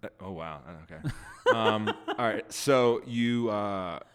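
A man's voice: on the low side, animated, takes it slowly, clear, resonant tone, in a large hall. A man hosting a casual podcast chat who teases his co-host and sets up playful what-if scenarios. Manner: teasing, sets up playful hypotheticals.

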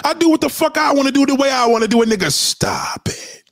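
A man's voice: very high voice, rapid-fire, no room sound, clean studio sound. A man hosting a livestream, ranting at his live chat in a profane, combative way, often repeating himself. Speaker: livestream host. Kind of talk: unscripted rant to a live chat.

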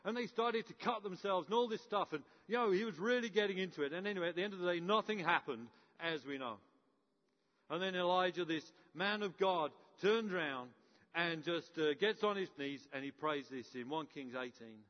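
Male preacher, high voice, lively storyteller who acts out the characters; muffled sound with long hall reverb. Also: moderate pace. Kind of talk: sermon.

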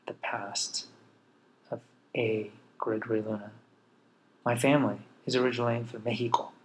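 A man from Texas telling his own life story as a vlogger, reflective and unhurried, pausing and restarting as he goes. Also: mid-range voice, slight background noise, low-quality recording. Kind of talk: personal storytelling.

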